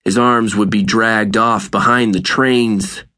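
A man narrating an audiobook in a measured, deliberate reading. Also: fairly low pitch, steady tone, bright, forceful tone. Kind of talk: scripted narration.

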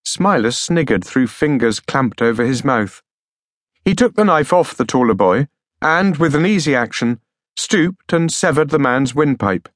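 A man narrating an audiobook thriller in a measured, dark storytelling manner. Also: mid-range voice, dry recording, clean studio sound. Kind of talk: scripted narration.

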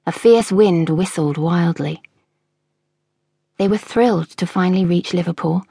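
Audiobook narrator, woman, husky, measured, dry studio sound. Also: on the low side, a little mellow, no room sound. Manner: measured, storytelling.

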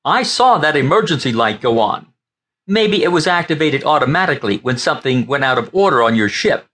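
A man's voice: a little high, animated, brisk, a bit bright. A man voicing an eager young station attendant in an audiobook, stubborn and insistent about the rules.

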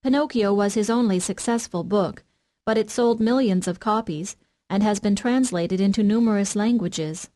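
Woman, audiobook narrator, children's classic, gentle storybook reading. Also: medium pitch, moderate pace.

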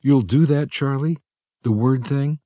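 A man voicing an anxious young wife, speaking softly and hesitantly with a pleading tone. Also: medium pitch, animated, moderate pace, slightly rough, no room sound, studio quality, voice pushed up.

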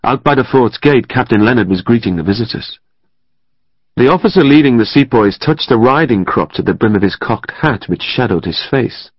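A man reading a historical novel as audiobook narrator, in a steady, even storytelling manner. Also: mid-range voice, moderate pace, slightly rough, dry recording. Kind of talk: scripted narration. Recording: dry, slightly muffled studio.

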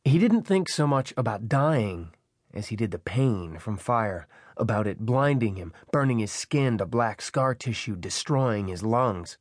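A man's voice: on the low side, expressive, a little slow, no echo. A man reading a thriller audiobook with tense, dramatic narration, on a close studio microphone. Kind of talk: scripted narration. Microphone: close studio mic.

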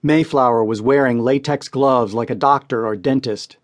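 A man reading crime stories as an audiobook narrator, in steady, measured scripted narration. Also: medium pitch, dry recording.

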